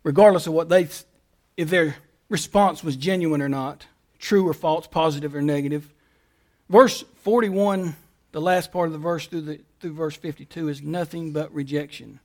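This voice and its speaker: A man's voice: on the high side, moderate pace, darkish tone. A man pastor preaching a sermon, building emphatic lists and rhetorical questions.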